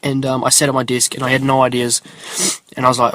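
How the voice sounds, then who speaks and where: A young man chatting alone on his podcast, rambling and unhurried with plenty of filler. His voice sits at an ordinary middle pitch. The sound is dry and close, with no room echo. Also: steady tone. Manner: rambling, laid-back, lots of filler. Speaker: podcast host. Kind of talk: casual solo podcast chat.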